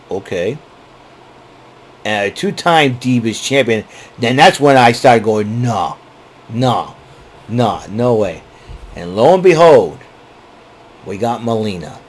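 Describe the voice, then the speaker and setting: A man's voice: on the low side, a little hiss or hum. A man hosting a podcast, telling a long casual story that rambles, with many restarts and digressions. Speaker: podcast host. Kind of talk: casual monologue.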